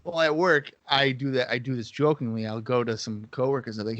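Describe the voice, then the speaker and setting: A man's voice: mid-range voice, no echo. A man co-hosting a wrestling podcast, telling stories in casual chat and swearing freely. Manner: swearing, storytelling, quick asides. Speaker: podcast co-host.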